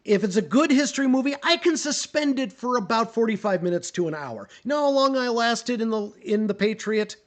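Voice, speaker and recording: A young man chatting on a live stream, answering history questions in an animated, opinionated way and often repeating words as he goes. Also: very high-pitched, brisk, few pauses. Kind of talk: casual live Q&A chat.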